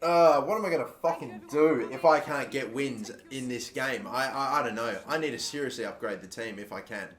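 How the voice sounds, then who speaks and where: A young man commentating his own football video game, swearing constantly and bursting into loud, frustrated outbursts. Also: mid-range voice, fairly quick, few pauses. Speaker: gaming YouTuber. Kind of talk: live gameplay commentary. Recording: echoey room, faint background noise.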